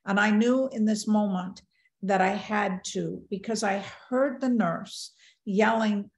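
A woman's voice: medium pitch, takes it slowly. An older woman recounting a near-death experience to an audience in vivid first-person storytelling, acting out her own thoughts. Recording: roomy echo.

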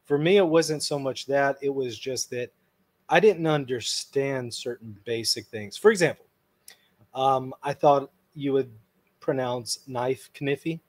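A man's voice: mid-range voice, unhurried, no echo. A man from Israel, hosting a casual chat and prompting with short questions. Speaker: host. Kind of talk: casual conversation.

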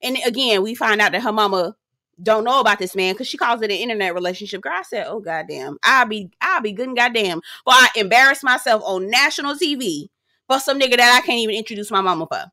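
A woman's voice: fairly high pitch, quick pace, bright, forceful tone, no echo, clean studio sound. A young adult woman giving a sassy, blunt, profane recap of a reality show, talking straight to her viewers. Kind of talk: casual recap commentary.

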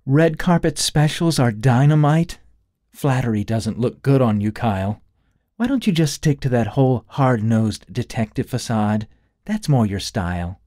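A man's voice: on the low side, lively intonation, normal speed, mellow, no room sound, clean studio sound, voice pushed up. A man voicing a sassy young woman detective partner with a teasing, bubbly manner. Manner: teasing, effervescent.

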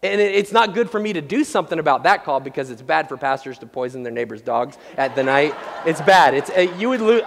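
Joking pastor in a reverberant hall. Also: male voice, fairly high pitch, a little hiss or hum. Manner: conversational, joking, many restarts and stammers. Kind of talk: sermon. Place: church sanctuary.

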